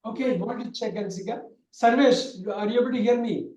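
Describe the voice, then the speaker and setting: A man teaching an online grammar class, talking loudly and repeating himself with many fillers. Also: very high-pitched, fairly quick. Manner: loud, repetitive explaining with many fillers. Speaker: English teacher. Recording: echoey room.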